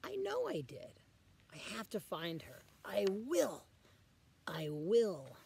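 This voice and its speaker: A man voicing a small lost baby bird in a storybook reading, calling out in a high, pleading voice. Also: wildly swooping pitch, slow pace, creaky, a little mellow, slight background noise, full character voice. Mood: determined.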